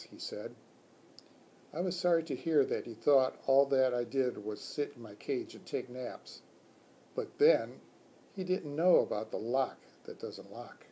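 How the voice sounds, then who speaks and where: Slow, husky man reading a storybook. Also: mid-range voice. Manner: calm, measured storytelling. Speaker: school staff reader. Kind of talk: children's book read-aloud.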